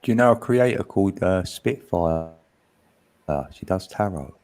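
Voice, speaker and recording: A man's voice: low-pitched, expressive, normal speed, a little mellow. A man who hosts an online chat, talking casually with wry, dry jokes and an easygoing manner. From east London area. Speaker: online creator hosting a chat.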